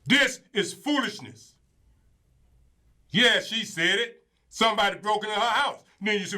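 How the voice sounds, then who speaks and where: Guy hosting his own commentary show, really bright voice, gets emphatic and repeats himself a lot. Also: high voice, a little slow, pauses often. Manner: emphatic and colloquial, repeats words for stress. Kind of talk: opinionated casual commentary.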